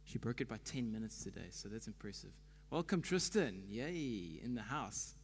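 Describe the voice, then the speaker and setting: A man's voice: on the low side, sing-song, normal speed, big-room sound, a little hiss or hum. A man giving a conversational sermon as pastor, chatty and quizzing the congregation.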